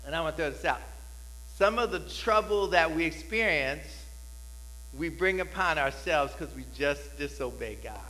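A male pastor preaching a sermon in a conversational style, building to loud, repeated cries. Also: on the high side, expressive, normal speed, big-room sound.

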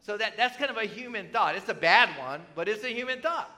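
Man, pastor, sermon, high voice, very bright tone, asks the congregation questions. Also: lively intonation, fairly quick. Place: church with slides on a screen.

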